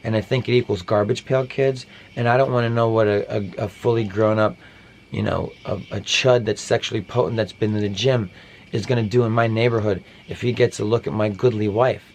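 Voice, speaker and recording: A man's voice: on the low side, fairly even intonation, a little fast, a little mellow, a little hiss or hum. A man hosting a parody podcast, rambling through a satirical monologue with offhand, mock-conspiratorial asides.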